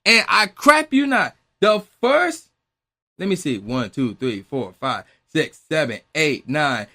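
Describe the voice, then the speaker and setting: A man's voice: a little high, very animated, takes it slowly, bright, forceful tone. A man ranting in exasperated, incredulous commentary, swearing freely. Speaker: commentary vlogger.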